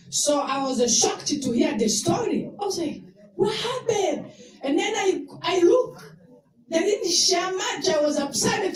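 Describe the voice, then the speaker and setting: A woman from Rwanda giving an emotional tribute speech at a memorial, rising at times to loud exclamations. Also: a little high. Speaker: invited speaker at a memorial. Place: indoor event hall. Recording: echoey hall recorded from far off with crowd. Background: crowd of attendees.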